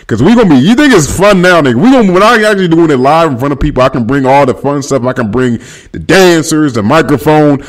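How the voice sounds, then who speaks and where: Young man host giving livestream shout-outs. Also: medium pitch. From Northern California. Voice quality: voice that viewers single out as striking. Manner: loose and jokey, rattling off shout-outs. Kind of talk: casual livestream chat reading comments aloud.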